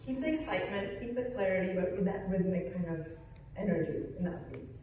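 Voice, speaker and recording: A woman's voice: on the low side, animated, brisk, distant mic. A woman teaching a piano masterclass, coaching a student and singing rhythms aloud to show the phrasing. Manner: encouraging, sings rhythms aloud. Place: piano studio or hall. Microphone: far room mic. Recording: very echoey room, voice from afar, piano behind. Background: piano playing.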